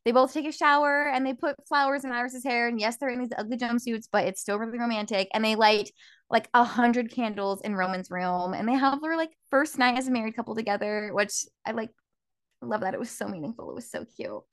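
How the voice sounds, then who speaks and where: A woman's voice: a little high, a little fast, no echo. A woman co-hosting a podcast, eagerly retelling a story in casual chat and filling her sentences with "like". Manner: animated plot retelling, lots of filler "like". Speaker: podcast co-host. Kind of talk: casual book recap chat.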